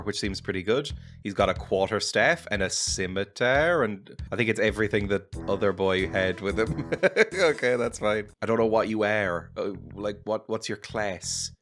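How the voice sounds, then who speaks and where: Lively, jokey young man gaming. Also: fairly low pitch, a little hiss or hum. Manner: jokey, rambling, laughs often. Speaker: gamer. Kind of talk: casual let's-play commentary.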